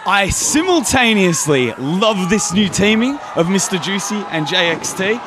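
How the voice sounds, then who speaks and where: Brief: male wrestler, cocky banter, slightly high voice, noisy surroundings. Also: sing-song, a little slow, crowd noise. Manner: cocky, boastful, joking. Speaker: wrestler and champion co-host. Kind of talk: post-show wrestling banter. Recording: noisy background.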